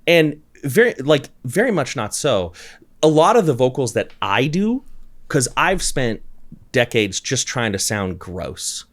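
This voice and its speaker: A male vocal coach chatting on a podcast, his voice sitting in an ordinary middle register. He tells stories in an animated way, slipping into the voices of the people he quotes. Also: mid-range voice, measured pace. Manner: animated storyteller, acts out quotes, many restarts. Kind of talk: casual podcast chat.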